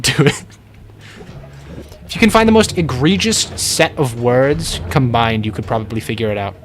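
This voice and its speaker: A man's voice: medium pitch, a little hiss or hum. A man streaming a game, chatting casually and playfully with his viewers in a rambling way.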